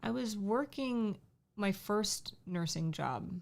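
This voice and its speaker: A woman's voice: mid-range voice, expressive, takes it slowly, vocal fry, a little mellow. A woman in her thirties co-hosting a casual livestream, chatty and teasing, reading viewer comments aloud. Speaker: livestream co-host. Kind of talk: casual chat.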